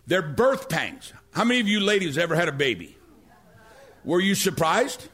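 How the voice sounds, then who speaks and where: A middle-aged male pastor preaches a sermon, telling stories with animated energy and building to near-shouts. His voice is high with a breathy edge, and his pace is moderate.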